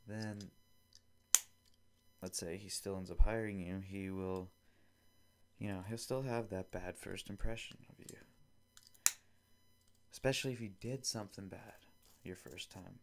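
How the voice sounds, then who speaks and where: A man's voice: low-pitched, steady tone, a little slow, pauses often, a little hiss or hum. A young man hosting a solo podcast, rambling casually and acting out both sides of made-up conversations, with some swearing. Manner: rambling, acts out both sides of imagined dialogues; casual and profane. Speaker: podcast host.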